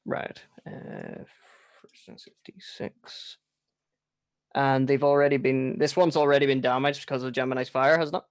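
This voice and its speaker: A man playing a tabletop game, calmly thinking aloud while working out his rolls. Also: mid-range voice, a little slow, clear, resonant tone. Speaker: player. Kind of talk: casual game chat.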